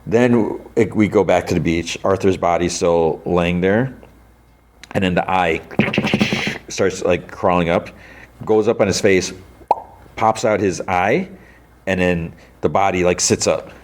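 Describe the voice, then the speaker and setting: A man hosting a podcast, casually retelling a TV episode in a rambling way with lots of filler words and quick imitations of the characters. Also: low-pitched. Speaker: podcast host.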